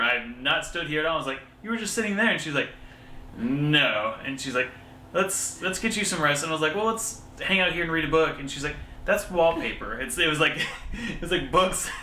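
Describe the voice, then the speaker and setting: A man's voice: fairly high pitch, sharp tone. A young man telling travel stories in casual, jokey chat, laughing often. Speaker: travel vlogger. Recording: echoey room, faint background noise.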